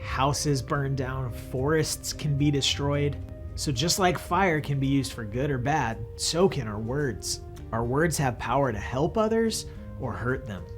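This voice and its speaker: A man's voice: medium pitch, animated, unhurried, soft background music. A young man teaching a scripted Bible lesson to children in a friendly, patient way.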